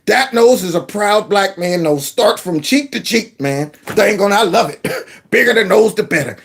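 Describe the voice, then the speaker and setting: Man, reaction commentator, folksy and excitable, pitch all over the place. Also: moderate pace. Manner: animated, folksy, talks back to the clips. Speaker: commentator reacting to news clips.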